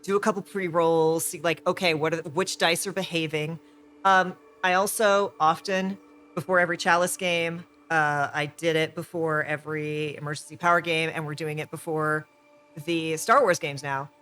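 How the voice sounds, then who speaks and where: A man's voice: fairly high pitch, level tone, normal speed, bright, forceful tone, clear, resonant tone. A man co-hosting a podcast in casual chat, enthusiastic and rambling, often correcting himself mid-sentence. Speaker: podcast co-host. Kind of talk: casual chat about tabletop role-play.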